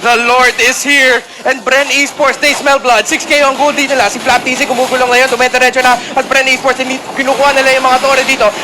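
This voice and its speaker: A man with a Filipino accent doing excited, shouting play-by-play commentary on an esports match. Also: very high voice, fast talker, hardly any pauses, background noise. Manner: shouting and hyped at the climax. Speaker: esports caster.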